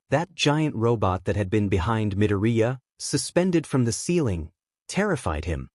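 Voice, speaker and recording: Man narrating with lively pitch. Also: no room sound, clean studio sound. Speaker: story reader. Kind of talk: fan fiction narration.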